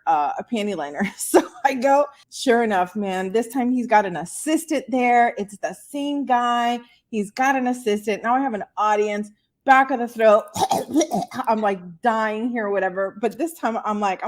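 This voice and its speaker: A woman in her forties, a podcast guest, telling a funny story in casual chat, animated and laughing as she acts out the people in it. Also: medium pitch. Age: 40s.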